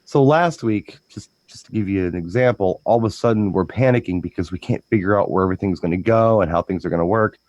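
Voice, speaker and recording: A man chatting casually as a DJ co-host, telling stories in a rambling, animated way with lots of restarts. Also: low-pitched, fast talker, few pauses, dry recording, dull audio. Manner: rambling, animated storytelling with frequent restarts and mimicked voices. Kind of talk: casual chat.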